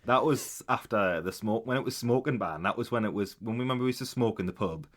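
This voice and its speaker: A man's voice: lowish voice, fast. A man, co-hosting a casual comedy podcast, blunt and sweary in his jokes. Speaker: podcast co-host.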